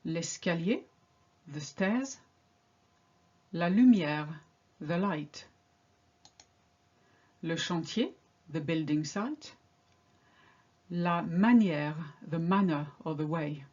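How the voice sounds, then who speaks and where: Slow, deliberate woman teaching pronunciation. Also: lowish voice, lively intonation, darkish tone, lo-fi sound. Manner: slow, deliberate word-by-word drilling. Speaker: French teacher. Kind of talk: pronunciation lesson.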